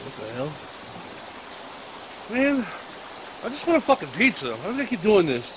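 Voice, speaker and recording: A man's voice: high voice, sing-song, moderate pace, noisy background. A man playing a whiny, hungry hunting buddy who mutters complaints in the woods. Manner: whining, muttering.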